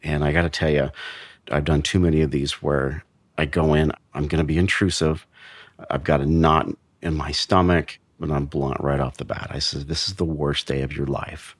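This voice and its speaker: A man, a former investigator, recounting a death case in a measured, blunt way with frequent restarts. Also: very deep voice, fairly even intonation, no echo. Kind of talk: true crime storytelling.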